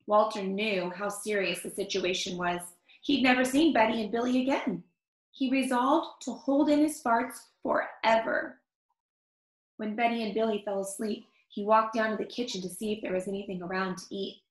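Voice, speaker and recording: Expressive woman reading a picture book. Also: mid-range voice, moderate pace. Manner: expressive, stops to comment on the story. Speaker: storyteller. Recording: echoey room.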